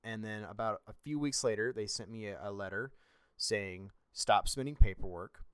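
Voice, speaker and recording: A man's voice: fairly low pitch, moderate pace, fairly bright tone, clear, resonant tone, no room sound, clean studio sound. A young man hosting a podcast, telling a personal story in a blunt, rambling and profane way. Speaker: podcast host.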